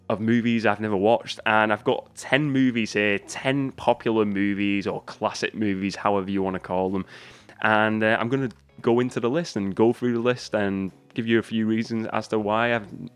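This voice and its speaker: A man's voice: on the low side, clear, resonant tone. A man chatting casually to camera about movies. He rambles, restarts his sentences and pokes fun at himself. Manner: chatty, rambling and self-deprecating, with many restarts. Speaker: movie YouTuber. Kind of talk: casual vlog chat.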